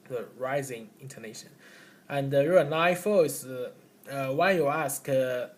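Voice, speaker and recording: A man presenting a class recap at a very unhurried pace, stopping and restarting often as he works through each rule. His voice sits at an ordinary middle pitch. A faint hum of background noise runs beneath him. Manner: halting, with many fillers and restarts. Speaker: student giving a class recap. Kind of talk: classroom presentation explaining rules.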